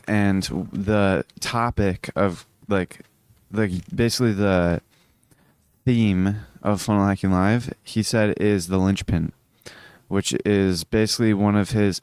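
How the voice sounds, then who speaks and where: A man's voice: lowish voice, a little mellow, clear, resonant tone, no echo. A young man hosting a casual solo podcast, sleepy and yawning as he rambles through many fillers and restarts. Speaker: podcast host.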